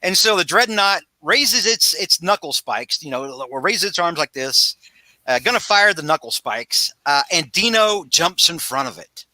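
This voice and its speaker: A man hosting a casual podcast, recapping a comic book in a rambling, animated way with frequent restarts. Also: on the high side, normal speed, dry recording. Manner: rambling, animated, self-interrupting storyteller. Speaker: podcast host.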